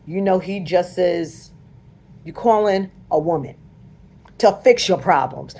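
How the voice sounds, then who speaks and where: A woman's voice: low voice, moderate pace, dark tone, breathy edge. A woman, talking straight to viewers in an emphatic, preachy way. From United States. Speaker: vlogger. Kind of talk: casual direct-to-camera commentary.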